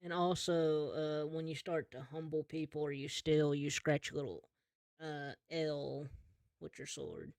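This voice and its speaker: A man narrating a tabletop role-play game as game master, in a relaxed, chuckling way. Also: a little high, unhurried, gravelly, no echo.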